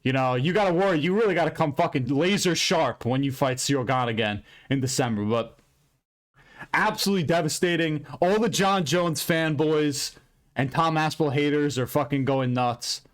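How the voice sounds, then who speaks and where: Loud, cursing man ranting about fights. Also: fairly high pitch, moderate pace. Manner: loud, profane, heated and emphatic; rambling with frequent restarts and fillers. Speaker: MMA recap channel host. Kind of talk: unscripted fight recap rant.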